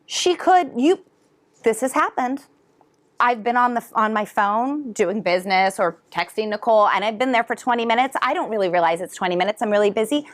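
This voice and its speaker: A middle-aged woman educator presenting at a conference, her voice pitched a little high. She talks in an animated way and keeps asking the room to answer back. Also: a little fast. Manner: animated, asks the audience to respond. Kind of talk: conference talk to parents and teachers. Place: conference hall.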